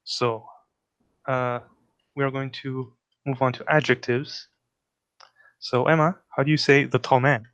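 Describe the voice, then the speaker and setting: A man's voice: mid-range voice, fairly even intonation, unhurried, long pauses, fairly bright tone, no echo. Hesitant man asking about word order. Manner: hesitant, many fillers, repeats words back. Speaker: fieldwork interviewer. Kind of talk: elicitation session, casual.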